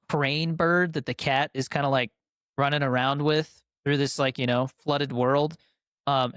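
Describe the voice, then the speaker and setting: Co-hosting a podcast, a young adult man talks casually about the films he loves, rambling with enthusiasm and many fillers. His mid-range voice has a fairly bright tone, and the studio-quality recording has no echo.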